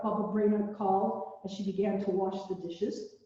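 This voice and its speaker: A woman reading a children's story aloud at a church service, gentle and expressive. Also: medium pitch, normal speed. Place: large echoey church hall. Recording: distant, dull, echoey hall recording.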